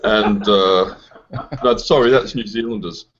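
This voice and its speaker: A man from Australia chatting casually, halting and often laughing. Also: fairly low pitch, fairly bright tone, a little hiss or hum. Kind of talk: casual chat. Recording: dull lo-fi online call audio.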